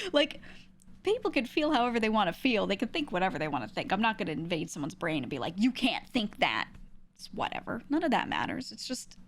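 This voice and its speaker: A woman's voice: mid-range voice, very animated, a little fast. A young woman from New York, a streamer talking in a casual, rambling way and laughing often. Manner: rambling, laughs often, trails off with "I don't know".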